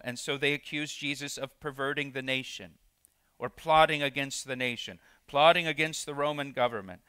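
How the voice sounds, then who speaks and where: A man's voice: on the high side, bright, forceful tone, clean tone, dry recording. A man preaching a verse-by-verse sermon as pastor, sometimes acting out quoted lines and repeating words as he restarts. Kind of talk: expository sermon. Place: church sanctuary.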